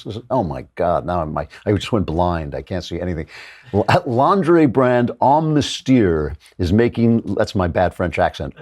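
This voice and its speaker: A man's voice: lowish voice, dark tone. A man hosting an opinion talk show, joking and sardonic, often laughing at his own lines.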